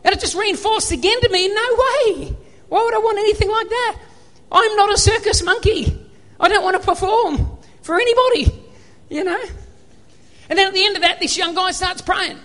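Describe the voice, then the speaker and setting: Australian male preacher, high voice, storytelling sermon, long hall reverb. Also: moderate pace, sharp tone. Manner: storytelling, acts out remembered dialogue.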